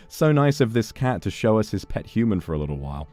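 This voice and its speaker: Reading donations aloud on his stream, this man banters casually with his audience, swearing a lot and staying lively and joking, right up on the microphone. His pitch sits fairly low, his pace is normal, and there's soft music underneath.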